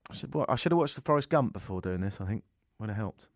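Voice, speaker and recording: A man's voice: fairly low pitch, expressive, fast, dry recording. A man hosting a radio talk show, delivering a sarcastic, rambling monologue full of mocking asides. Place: radio studio. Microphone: studio microphone.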